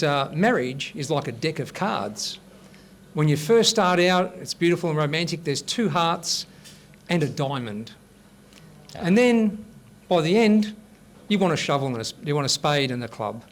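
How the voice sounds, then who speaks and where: A man's voice: on the high side, lively intonation, normal speed. A man hosting a comedy show in a club, chatty and telling jokes. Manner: friendly, chatty, joke-telling. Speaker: host.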